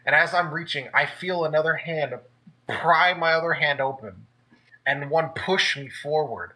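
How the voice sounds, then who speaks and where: A man telling childhood stories in casual chat, animated and swearing, acting out the voices of people he quotes. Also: on the high side, unhurried, poor audio. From Texas. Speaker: podcast co-host. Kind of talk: casual storytelling.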